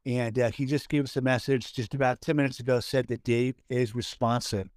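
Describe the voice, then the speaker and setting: A man from Southern California co-hosts a casual podcast, telling a story full of fillers and restarts. His medium-pitched voice is brisk and a little mellow, with fairly even intonation. The clean studio recording has no room sound.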